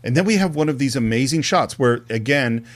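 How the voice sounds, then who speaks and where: A man's voice: medium pitch, animated, fairly quick. A man co-hosting a film podcast, retelling scenes and acting out bits of dialogue in casual discussion.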